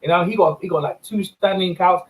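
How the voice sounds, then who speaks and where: A man hosting a casual chat, telling animated stories, laughing often and repeating words. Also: sits high, a little fast, rough recording. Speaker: host and amateur boxing judge.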